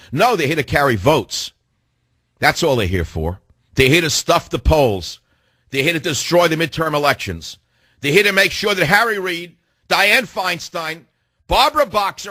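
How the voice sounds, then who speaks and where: A man's voice: high-pitched, pushed and bright, no room sound, studio quality. A middle-aged man hosting a talk radio show, delivering a combative monologue full of rhetorical questions aimed at his listeners.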